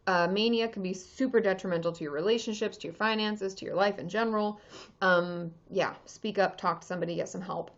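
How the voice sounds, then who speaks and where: A woman therapist chats casually on a livestream, fielding viewer questions in a medium-pitched, fairly even voice at a brisk pace. She uses plenty of fillers and restarts, and the audio has a dull, lo-fi livestream quality.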